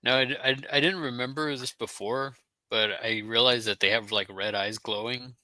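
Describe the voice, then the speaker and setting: A man chatting along during a watch-party stream, relaxed and hesitant with frequent restarts. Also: mid-range voice, moderate pace. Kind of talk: casual live-stream commentary.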